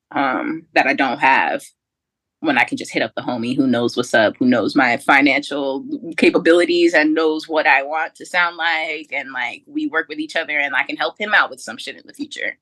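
A woman guest on a casual podcast, talking in a relaxed way, full of fillers and casual swearing. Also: rumbling low, no echo. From North Jersey.

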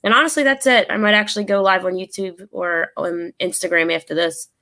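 A woman's voice: medium pitch, steady tone, fairly quick, sharp tone. A woman talking as a guest on a casual podcast, joking and upbeat.

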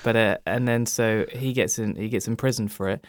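A man's voice: on the low side, fairly even intonation, moderate pace. A man eagerly talks up a film to his friend, rambling and repeating himself as he goes. He sits close to the microphone, and the sound is dry with no room echo. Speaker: podcast co-host. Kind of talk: casual chat.

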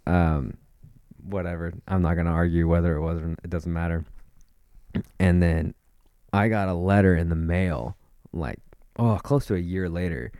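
A man's voice: sits low, moderate pace, long pauses, warm tone, clean tone, no room sound, clean studio sound. A young man casually telling a rambling, profane story, full of fillers and restarts. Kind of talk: casual chat.

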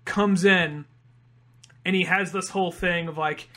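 A man's voice: high-pitched, fairly even intonation, a little slow, pushed and bright. A young man co-hosting a podcast in casual chat, joking enthusiastically. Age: young adult. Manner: enthusiastic, joking, acts out voices. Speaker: podcast co-host.

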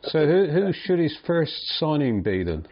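A man's voice: fairly high pitch, big pitch swings, measured pace, slightly rough. Podcast host guy, laid back, ribbing his guest a bit, dull lo-fi sound. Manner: easygoing, teasing questions. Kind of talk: casual interview.

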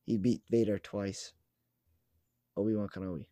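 Young male podcast co-host, excited storyteller, casual swearing, dry close sound. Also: fairly low pitch, normal speed, dry recording. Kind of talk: casual chat.

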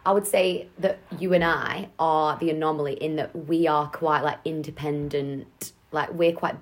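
A woman's voice: low-pitched, steady tone, moderate pace. A young woman hosting a podcast, chatting casually with many "like"s and "um"s. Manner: chatty, lots of "like" and "um". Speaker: podcast host. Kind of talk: casual chat.

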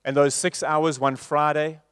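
Preacher, male, slightly high voice, dry close mic, rhetorical refrains that swing loud then soft. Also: flat delivery, measured pace, clear, resonant tone, no echo. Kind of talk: sermon.

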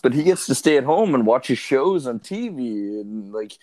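A man's voice: mid-range voice, big pitch swings, moderate pace, mellow. A man chatting casually as a podcast co-host, reacting in short, easygoing replies. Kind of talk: casual chat.

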